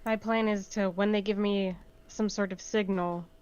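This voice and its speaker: A woman's voice: mid-range voice, steady tone, normal speed, a little mellow, clear, resonant tone, lo-fi sound. A woman playing a tabletop game, describing her plan plainly. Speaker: player. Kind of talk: casual tabletop play.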